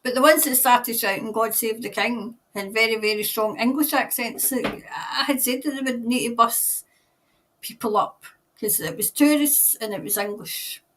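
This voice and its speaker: A Scottish woman rambles through a relaxed live stream, laughing often and greeting viewers by name. Her voice sits a little high. She is a bit far from the microphone, so she sounds slightly distant. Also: normal speed, slight background noise. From Scotland. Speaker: tarot reader hosting a live stream.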